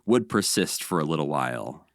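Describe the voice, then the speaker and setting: A man's voice: very deep voice, animated, moderate pace, no room sound, clean studio sound. A man co-hosting a casual podcast, recapping episodes with energy and briefly slipping into voices for the characters. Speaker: podcast co-host.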